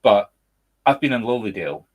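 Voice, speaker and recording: A man's voice: fairly low pitch, animated, brisk, slightly rough, muffled recording. A Scottish man hosting a casual chat over a video call, speaking emphatically and candidly. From Scotland. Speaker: medium and podcast host.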